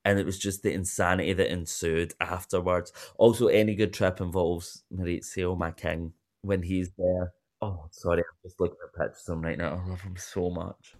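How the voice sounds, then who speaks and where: Low-voiced chatty man. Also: a little mellow. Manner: rambling, gushing, quick asides and self-interruptions. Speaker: podcast guest, comedian. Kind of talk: casual chat.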